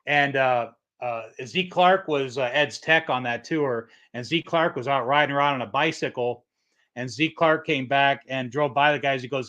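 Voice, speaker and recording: A man's voice: medium pitch, brisk, a bit bright. Rambling middle-aged man, lo-fi stream. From Michigan. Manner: rambling storyteller, reads chat comments aloud. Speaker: livestream host. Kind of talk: casual livestream chat.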